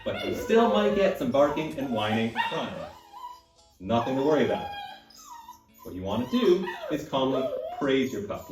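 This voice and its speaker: A man trainer demonstrating casually and talking softly and soothingly to a puppy. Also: on the high side, animated, moderate pace, roomy sound, far from the mic, over music. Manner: soothing, soft talk to a puppy. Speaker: dog trainer.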